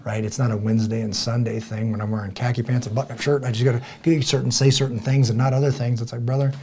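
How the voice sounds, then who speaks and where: A podcast co-host with a medium-pitched voice talks very fast, animatedly telling stories on a casual show and loudly acting out quoted dialogue. There's slight background noise in the recording.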